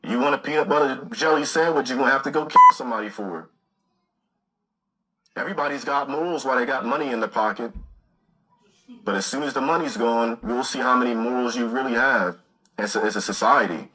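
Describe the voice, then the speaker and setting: A man with a husky yet bright edge to his voice rants hard and swears freely. His talk is blunt, aggressive and heated. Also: mid-range voice, a little fast, low-quality recording. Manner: profane, aggressive rant.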